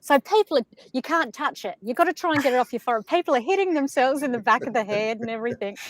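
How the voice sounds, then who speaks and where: A woman, chatting casually and telling stories in a lively way that often breaks into laughter. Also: sits high, fast, crowd noise, poor audio. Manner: animated storyteller, laughs easily. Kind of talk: casual spiritual chat.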